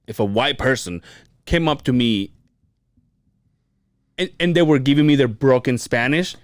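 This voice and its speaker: A man talking in a casual podcast chat, animated, restarting sentences and acting out quoted asides. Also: medium pitch, moderate pace, no echo.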